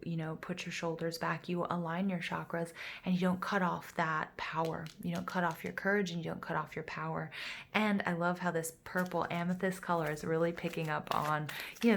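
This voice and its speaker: A woman giving a casual tarot reading to her viewers, gushing and excitable, full of fillers and a little out of breath. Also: on the low side, vocal fry, a little hiss or hum. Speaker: tarot reader.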